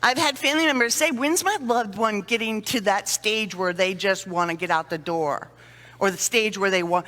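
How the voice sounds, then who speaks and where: A middle-aged woman speaking to a conference audience, telling lively stories and acting out sighs and little scenes. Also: medium pitch, moderate pace. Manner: animated storyteller, acts out sighs and little scenes. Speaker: conference speaker on dementia care. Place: conference hall. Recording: long reverb of a hall.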